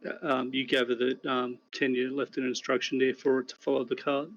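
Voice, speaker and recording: A man narrating as game master of a tabletop game, describing scenes in a measured way. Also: mid-range voice, little pitch movement, highs cut off.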